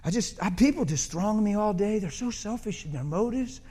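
A man's voice: big pitch swings, brisk, darkish tone. A man doing a weary, bummed-out Jesus. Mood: dejected. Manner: low, mumbling, weary, colloquial. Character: downcast adult male Jesus, weary and bummed out.

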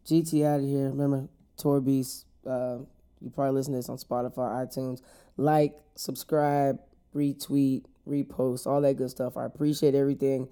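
A man's voice: mid-range voice, flat delivery, normal speed, mellow, clean tone. A man hosting a podcast, chatting casually and joking through laid-back stories. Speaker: podcast host. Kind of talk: casual interview chat.

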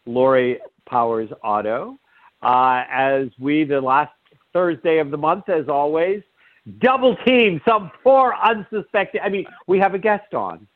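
A man's voice: medium pitch, unhurried, dry recording, narrow, tinny audio. A man hosting a live call-in radio show, joking and rambling with lots of fillers.

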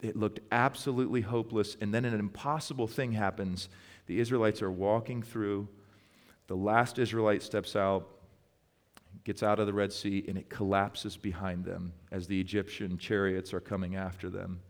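A male pastor delivers a sermon in a storytelling way, leaning on key words by slowing right down. His voice sits fairly low and carries a long reverb from a church sanctuary. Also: flat delivery. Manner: storytelling, with emphatic slow stresses.

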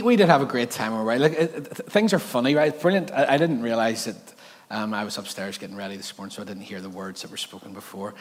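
A man's voice: medium pitch, a bit bright, big-room sound. A middle-aged man with a Northern Irish accent preaching a sermon in a chatty, joking way, laughing often. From Northern Ireland. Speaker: pastor. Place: large church hall.

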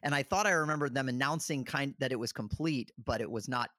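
A man's voice: mid-range voice, quick pace, sharp tone, dry recording. Chatty male trivia player, dry sound. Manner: thinks aloud, chatty and self-deprecating. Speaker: trivia contestant. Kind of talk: casual trivia podcast.

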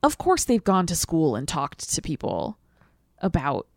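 A woman's voice: deep voice, huge pitch swings, a little slow, no echo, studio quality. A woman talking casually about a movie as a podcast co-host, chatty and full of "like" fillers. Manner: chatty, filler-heavy with frequent "like".

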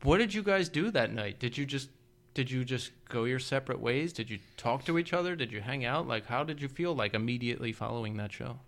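A man in his forties co-hosting a podcast, chatty and quick to laugh as he asks follow-up questions. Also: mid-range voice, lively intonation, a bit bright. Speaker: podcast co-host. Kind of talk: casual chat.

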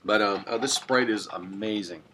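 A man's voice: fairly low pitch, normal speed, a bit bright, a little hiss or hum. A man co-hosting a podcast in casual chat, rambling and joking, correcting himself as he goes. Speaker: podcast co-host.

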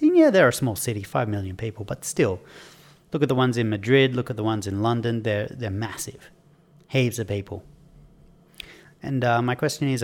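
Sardonic Australian man ranting. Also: fairly low pitch. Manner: emphatic and sardonic, with frequent restarts. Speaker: podcast host. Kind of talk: opinion monologue, reading from his own article.

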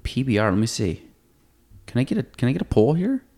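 A man's voice: medium pitch, big pitch swings, a little fast, dark tone. A man hosting a podcast in casual chat, rambling and thinking aloud. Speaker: podcast host.

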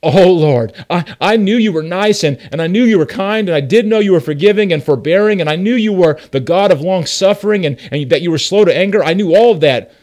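A preacher acting out an angry prophet, a grown man who is sarcastic and exasperated and pushes his complaints upward and loud. The voice sits a little high for a man. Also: expressive, fairly quick, hardly any pauses.

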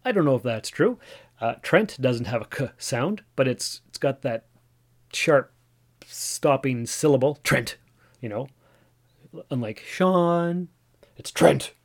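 A man in his forties talks alone into the mic for his podcast. He rambles and doubts himself, restarting his sentences often. His pitch sits in the middle range. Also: expressive, unhurried. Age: 40s. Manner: rambling and self-deprecating, with many restarts. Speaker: podcast host. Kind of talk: casual solo podcast monologue.

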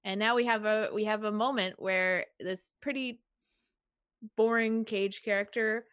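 A woman on a film podcast talks in a chatty way and keeps steering the conversation forward. Her voice is mid-pitched and comes through dry and close to the mic. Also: steady tone, unhurried, a bit bright, clean tone, no echo. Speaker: podcast co-host. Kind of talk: casual movie discussion.

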